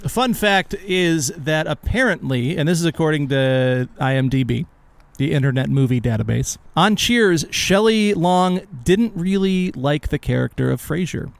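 Podcast guy asking his cohosts stuff, kinda high voice, dry close mic. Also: animated, moderate pace, creaky, no echo. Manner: leads discussion with questions, chatty with fillers. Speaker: podcast co-host. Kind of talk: casual chat.

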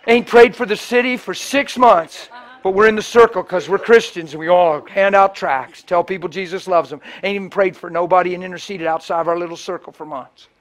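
A man, a pastor, preaching a sermon with passion, swinging from loud bursts to hushed storytelling. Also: sits high, fairly quick, few pauses.

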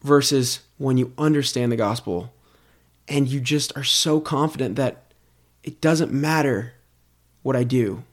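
A man's voice: mid-range voice, measured pace. A young man co-hosting a casual faith podcast, talking with enthusiasm and building on his partner's ideas. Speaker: podcast co-host.

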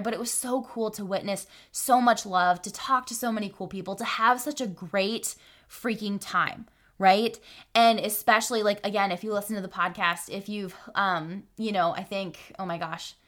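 A woman's voice: mid-range voice, a bit bright. A young woman from Arkansas hosting a solo podcast, talking casually and often tagging her sentences with "right?" between fillers. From Arkansas, USA. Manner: chatty, keeps asking "right?", many fillers. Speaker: podcast host.

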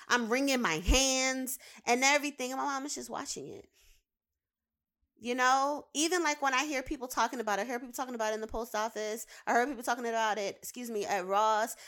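A woman rants in a casual commentary, her voice sitting a little high for a woman. She swears freely and hammers her points home by repeating words. She talks like a behavioral science professional who has clients. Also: fairly bright tone. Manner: heated, profane, repeats words for emphasis.

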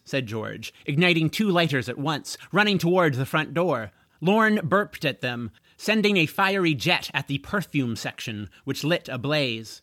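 Animated male storybook narrator. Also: mid-range voice, unhurried, dry recording, clean studio sound. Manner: expressive, animated reading. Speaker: audiobook narrator.

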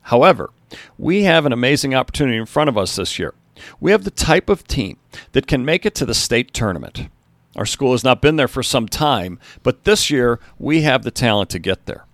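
A man voicing a passionate high school basketball coach giving an earnest, rousing pep talk to his team. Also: very animated, a little fast, fairly bright tone, no room sound.

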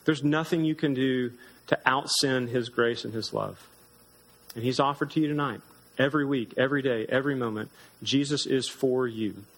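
A man's voice: moderate pace, poor audio. A man preaching an earnest sermon as pastor, lifting his voice for emphasis. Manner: earnest, rises in pitch for emphasis.

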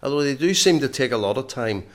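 A man's voice: mid-range voice, lively intonation, fast. A man in his sixties with an Irish accent, a podcast guest who jokes dryly and laughs often. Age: 60s. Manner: dry, joking, laughs often. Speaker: guest, former caddie. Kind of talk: casual interview.

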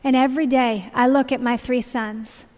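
A woman in her thirties tells her story in an earnest, heartfelt way, her voice sitting a little high. The sound carries a long reverb from a large church auditorium. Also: fairly even intonation, normal speed, darkish tone. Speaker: speaker sharing a testimony. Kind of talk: church testimony talk.

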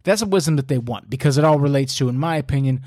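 A man's voice: medium pitch, fast, a little mellow, no echo, clean studio sound. A man giving a casual, folksy faith talk, preachy and full of fillers.

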